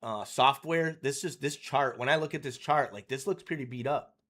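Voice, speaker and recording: With a medium pitch, normal speed, and fairly bright tone, a man talks over trading charts in a loose, rambling way. He keeps saying "you know" and "right?" and frequently clears his throat.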